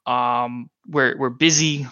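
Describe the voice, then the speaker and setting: A man's voice: medium pitch, fairly even intonation, takes it slowly, sharp tone, no echo, muffled recording. A man voicing a nervous young male small-town deputy in a tabletop game, stammering and flustered but overly polite. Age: late twenties (figure).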